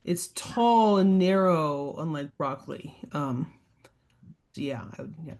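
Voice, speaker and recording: A woman's voice: deep voice, expressive, a little slow, a little mellow. Hesitant woman answering in class. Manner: hesitant, with restarts. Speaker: class participant. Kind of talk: thinking aloud in class.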